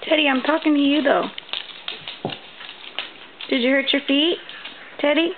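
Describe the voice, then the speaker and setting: A woman's voice: sits high, steady tone, unhurried, a little hiss or hum. A woman at home talking to her dogs in playful, sing-song baby-talk, recorded on a tinny home video. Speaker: dog owner filming her pets.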